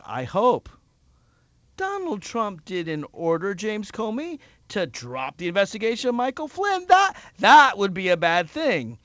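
Mocking political commentator guy, high lively voice, dry dull lo-fi sound. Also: dry recording. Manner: sarcastic, mocking, rhetorical questions. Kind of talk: opinionated political monologue.

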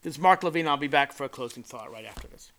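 A man's voice: mid-range voice, lively intonation, fast talker, creaky, fairly bright tone, a little hiss or hum. A man hosting a political commentary show, making his points emphatically and mimicking people mockingly. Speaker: political talk show host.

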